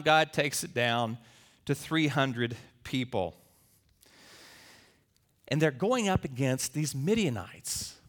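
Bright-voiced man preaching a sermon. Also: mid-range voice. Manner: earnest storytelling, rising to emphatic peaks. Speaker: pastor.

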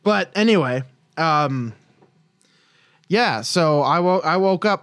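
Young male co-host, profane self-mocking rambler, slightly high pitch. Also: dry recording. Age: young adult. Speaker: podcast co-host. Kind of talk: casual movie review chat.

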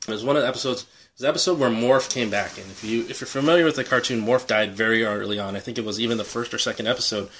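A man's voice: medium pitch, racing, a bit bright, slight background noise. A man co-hosting a casual podcast, looking back on growing up. He speaks in an easy, conversational way and often chuckles mid-sentence. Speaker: podcast co-host.

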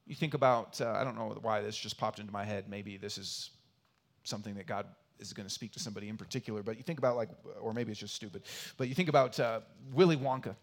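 A man preaching a sermon as pastor, earnest and repetitive for emphasis, swinging between loud emphatic lines and quiet asides. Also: fairly low pitch, quick pace. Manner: earnest, repeats key phrases for emphasis. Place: church.

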